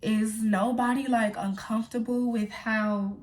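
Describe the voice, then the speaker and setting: Animated young woman telling a story. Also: on the high side, a little slow, a little hiss or hum. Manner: animated, profane, addresses viewers as y'all. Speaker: vlogger. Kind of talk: casual storytime.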